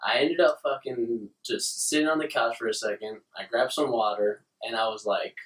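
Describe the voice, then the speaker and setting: A man's voice: medium pitch, moderate pace, a bit bright. A young man hosting a podcast, telling an embarrassing story in casual, profane chat with frequent laughs. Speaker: podcast host. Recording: roomy, distant mic.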